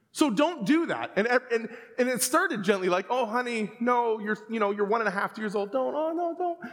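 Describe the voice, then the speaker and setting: A man in his thirties preaching a sermon, telling stories and acting out the voices, sometimes rising to a shout. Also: high-pitched. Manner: storytelling, acts out quoted voices, rising to shouts. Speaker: pastor. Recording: long hall reverb.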